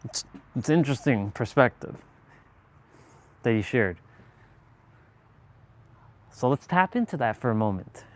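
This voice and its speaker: A Southern California man hosts a livestream from indoors, away from the city he talks about, chatting casually and rambling with lots of fillers and casual swearing. His medium-pitched voice is expressive and unhurried, with long pauses.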